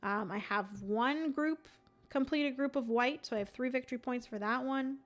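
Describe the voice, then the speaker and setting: Speaking at a moderate pace in a high-pitched voice, a young livestream host chats casually with her audience. She reasons aloud while working through a solo board game.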